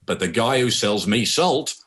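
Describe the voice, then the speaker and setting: A man's voice: mid-range voice, expressive, normal speed, a bit bright, a little hiss or hum, close to an everyday voice. A man putting on the voice of a world-weary shopkeeper telling a punchline. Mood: wry.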